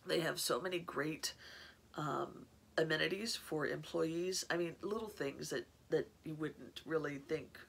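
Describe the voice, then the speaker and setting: A woman from California hosts her craft podcast in an easygoing, rambling monologue. Her voice is strongly gravelly with constant vocal fry. It is also husky and breathy, and she often circles back to restart a thought. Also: sits low, a little slow, fairly bright tone. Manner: rambling, chatty, many restarts. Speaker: podcast host. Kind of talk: casual chat.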